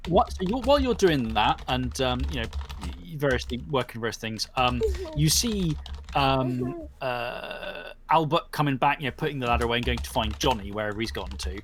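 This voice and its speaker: A man's voice: mid-range voice, brisk, a little hiss or hum. A man narrating a tabletop game as game master, rambling and full of fillers. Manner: rambling, animated, many fillers.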